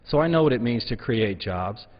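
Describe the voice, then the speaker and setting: A man giving an earnest, measured floor speech in a legislative chamber. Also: medium pitch, animated. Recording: dull broadcast audio in a long-reverb chamber.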